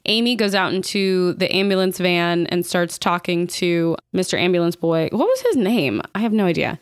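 A woman's voice: fairly low pitch, animated, normal speed, smooth, dry recording, studio quality. A woman co-hosting a podcast, chatting casually and bluntly about a movie, swearing freely and gushing over scenes she loves. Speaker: podcast co-host. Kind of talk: casual movie recap chat.

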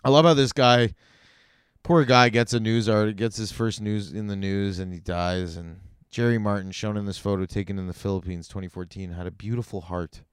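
A man's voice: on the low side, fairly quick, clear, resonant tone, dry recording, studio quality. Profane ranting male podcast host. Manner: profane, animated ranting with sarcastic asides. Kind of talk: solo comedy podcast rant. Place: in Vancouver.

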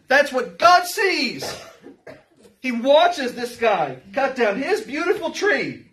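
A man teaching through a Bible chapter to a congregation, reading verses and asking rhetorical questions, sometimes rising to a shout. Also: very high-pitched, sing-song, takes it slowly, distant mic. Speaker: pastor.

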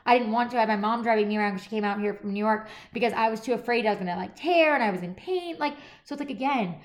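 A woman's voice: fairly high pitch, rapid-fire. A woman in her thirties hosting a podcast, chatting casually and animatedly and acting out the people she quotes. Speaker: podcast host. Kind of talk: casual chat.

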